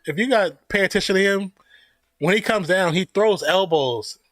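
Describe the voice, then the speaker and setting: At a live watch party, a streamer gives casual fan play-by-play of a basketball game in a high, somewhat bright voice at a moderate pace. He's opinionated and jokey, laughing at his own remarks, and the recording is dry.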